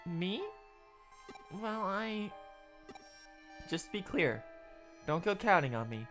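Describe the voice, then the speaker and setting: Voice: mid-range voice, big pitch swings, normal speed, long pauses, a bit bright, faint music behind. A streamer reading every character's dialogue from a video game aloud during a live playthrough, with laughing asides in between.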